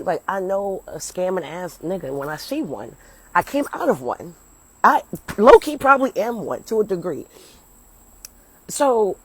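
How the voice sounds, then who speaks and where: A young American comedian with a lowish, husky voice tells a rambling story while livestreaming from her phone at arm's length, at home and partly outdoors. She swears freely and breaks off to chat with viewers. There's no echo, but the audio is poor.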